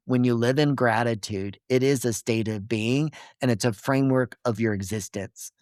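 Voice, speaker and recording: A man with a mid-range voice speaks as a podcast guest, laying out his ideas step by step like a teacher. He keeps checking in with his listener. The recording is dry and close, with no room echo. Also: medium pitch. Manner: didactic, checks in with "okay?" and "right?". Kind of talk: earnest explanatory conversation.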